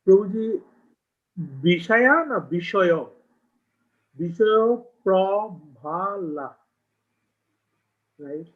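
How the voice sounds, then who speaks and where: A man's voice: sits high, animated, extremely slow, pauses often, phone-quality sound. A man in an online class, hesitantly asking questions to check his understanding. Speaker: student. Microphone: video call.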